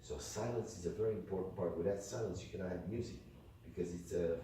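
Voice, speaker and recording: A man's voice: deep voice, fast, dark tone, recorded from a distance, a little hiss or hum. A man teaching an ear training workshop, coaxing students and singing rhythms on "ta". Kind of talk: classroom music lesson. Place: workshop room. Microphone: distant room mic. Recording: echoey room, picked up from afar.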